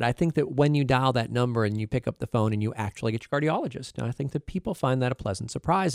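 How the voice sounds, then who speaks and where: A middle-aged man, a cardiologist, speaking as a guest in a radio interview, halting with many fillers and restarts. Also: medium pitch, gravelly, a little mellow, dry recording, clean studio sound.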